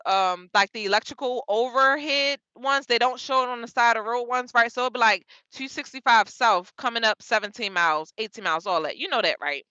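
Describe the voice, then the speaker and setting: Casting: young woman vlogger, high bright voice, lively storytelling, dry close mic. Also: no echo, lo-fi sound. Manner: animated, laughing, dramatic retelling. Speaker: vlogger, truck driver. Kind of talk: casual storytelling vlog.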